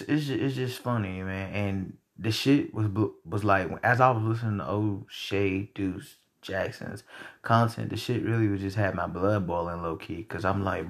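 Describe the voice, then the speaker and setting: A young man hosting a podcast, ranting bluntly and heatedly with lots of profanity. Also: medium pitch. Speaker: podcast host. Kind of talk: casual rant.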